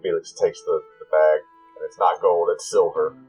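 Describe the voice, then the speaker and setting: Low-voiced male game master. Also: fairly even intonation, normal speed, over music, rough recording. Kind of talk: narrating a tabletop game.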